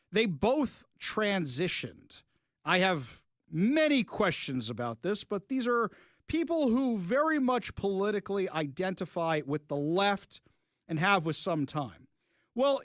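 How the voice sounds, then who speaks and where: Animated sarcastic talk radio host man. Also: high voice, dry recording, clean studio sound. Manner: sarcastic, animated, quick asides and restarts. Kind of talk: opinionated political talk radio.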